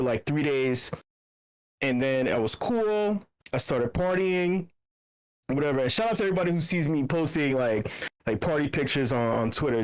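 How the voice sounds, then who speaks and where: A man's voice: mid-range voice, poor audio. A man hosting a meetup in a voice channel, telling a rambling, profane story, laughing often and sick with a cough. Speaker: meetup host.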